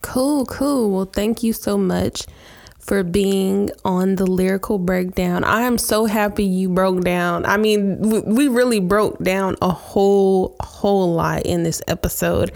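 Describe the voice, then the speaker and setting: A woman's voice: mid-range voice, unhurried, gravelly, a little mellow. A woman hosting a podcast, emotional and laughing, speaking to listeners with a casual "y'all". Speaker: podcast host.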